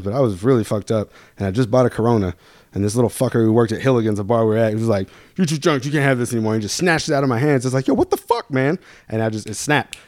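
A man's voice: mid-range voice, a little mellow, no room sound, clean studio sound. A young man from Louisville, Kentucky, telling rambling, profane stories as a podcast guest. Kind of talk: casual storytelling.

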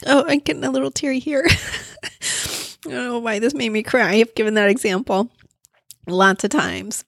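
A woman's voice: on the high side, steady tone, normal speed, gravelly, long pauses, fairly bright tone, no echo, studio quality. A woman therapist explaining a coping skill in a casual, conversational way, thinking aloud as she goes. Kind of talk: casual teaching talk.

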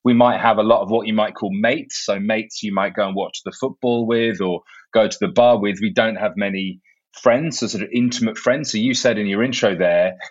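This guest author, an English man in his thirties, speaks at normal speed with a fairly low pitch and fairly even intonation. He explains his thinking articulately in a relaxed interview, restarting now and then, over dull audio.

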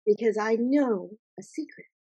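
A woman author talking as an interview guest, telling her story in an emphatic, animated way. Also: a little high, moderate pace, husky, highs cut off. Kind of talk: conversational interview.

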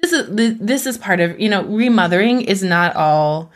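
Animated woman chatting about self-care. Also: medium pitch, moderate pace. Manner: animated, acts out her own self-talk, laughs often. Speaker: podcast guest.

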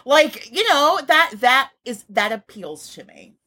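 A woman guest on a podcast, chatting loudly and expressively in a casual way. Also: high-pitched, unhurried. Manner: loud, laughing, expressive. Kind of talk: casual chat.

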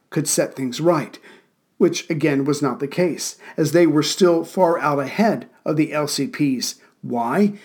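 A man's voice: on the high side, a little mellow. A man hosting a history podcast from Central Virginia, narrating events with dry, wry asides and thanking listeners casually.

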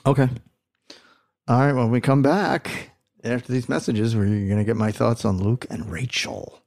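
Gravelly-voiced laughing male co-host. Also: mid-range voice, steady tone, moderate pace, a little mellow, no room sound, clean studio sound. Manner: laughs often, playful teasing. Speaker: podcast co-host. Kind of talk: casual chat.

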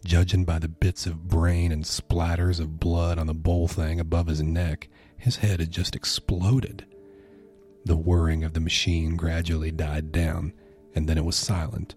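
Deep-voiced man narrating horror. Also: level tone, measured pace, a little mellow, slightly rough, soft background music. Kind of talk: first-person horror story narration.

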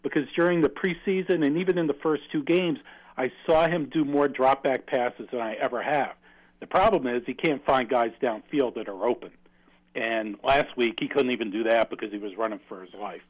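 A man calling in to a sports radio show, giving an earnest, steady take. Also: mid-range voice, normal speed. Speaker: caller. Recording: dull phone-line call.

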